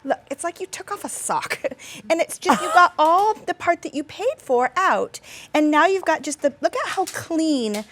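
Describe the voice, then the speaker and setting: Woman, high voice, gushing shopping-channel presenter, chatty demo. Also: animated, moderate pace, a bit bright. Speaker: guest presenter. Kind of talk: home shopping demonstration.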